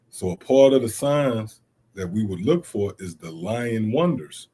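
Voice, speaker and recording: Man teaching from scripture, middle-aged, husky voice, mellow dark tone, emphatic, rhetorical questions, casual asides. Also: fairly low pitch, expressive, measured pace. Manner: reads scripture aloud, then explains it emphatically with rhetorical questions; casual street-inflected speech with "man" and "see?". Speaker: Bible teacher. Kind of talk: scripture teaching streamed online.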